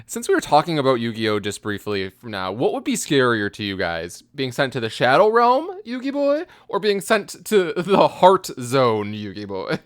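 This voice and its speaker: A man's voice: mid-range voice, wildly swooping pitch, normal speed, few pauses, dry recording, studio quality. A man co-hosting a casual gaming podcast, drawling his playful jokes. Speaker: podcast co-host.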